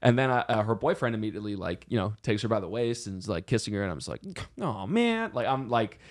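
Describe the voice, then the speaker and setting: A man's voice: lowish voice, very fast. A young man in his twenties, a podcast co-host telling a story casually, rambling and self-deprecating. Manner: rambling, self-deprecating, full of restarts and acted quotes.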